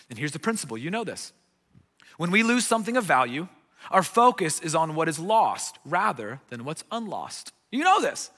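A middle-aged man preaching a sermon as a guest pastor, telling a story with lively acted-out voices. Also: high-pitched, big-room sound. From United States. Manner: animated storyteller, acting out quoted voices. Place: church sanctuary.

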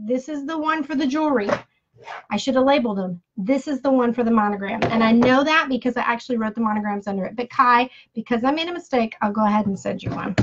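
A chatty woman runs a relaxed live-stream giveaway, tossing in playful jokes as she goes. Her voice sits high, and the sound is dull and lo-fi, like a phone or webcam mic. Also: background noise. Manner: chatty and playful, jokey asides. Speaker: craft seller hosting a live giveaway. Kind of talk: casual live-stream chat.

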